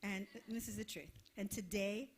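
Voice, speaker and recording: A woman's voice: mid-range voice, moderate pace, slight background noise. A woman, a singer talking between songs to a live concert audience in a playful, effusive way. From Israel. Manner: effusive and playful, laughing and gushing to the crowd.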